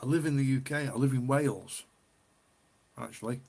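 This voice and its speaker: A man's voice: mid-range voice, normal speed, vocal fry, darkish tone. A middle-aged man from the UK hosting a casual beer live stream, chatty and rambling, often repeating himself. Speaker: beer livestream host.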